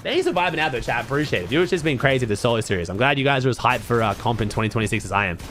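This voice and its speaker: Excitable Australian man streaming. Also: mid-range voice, racing, slight background noise. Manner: excitable, swears freely, talks to chat. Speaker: streamer watching a tournament. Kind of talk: casual live-stream chat.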